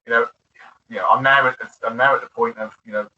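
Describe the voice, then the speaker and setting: A man's voice: mid-range voice, fairly even intonation, fast talker, bright, forceful tone. A man being interviewed about his bartending years, chatty and laughing often, with many restarts. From United Kingdom. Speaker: interview guest, former bartender. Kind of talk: casual interview. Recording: distant, dull lo-fi audio.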